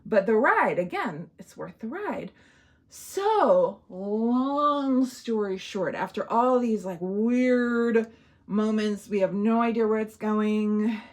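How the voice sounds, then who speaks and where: A woman talking through a film review in a casual vlog. Her voice sits fairly high and swings widely in pitch as she chats, laughs and acts out snippets of dialogue. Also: takes it slowly. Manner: animated, chatty, laughs often, acts out quotes.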